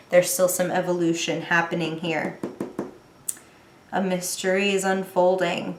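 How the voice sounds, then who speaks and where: A young woman giving a casual tarot reading straight to her viewers, chatty, with fillers and small laughs. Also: lowish voice. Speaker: tarot reader. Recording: echoey room.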